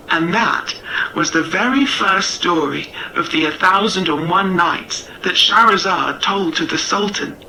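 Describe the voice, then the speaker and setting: A man narrating a storybook tale in a measured, gentle way. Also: high voice, far from the mic, a little hiss or hum, low-quality recording.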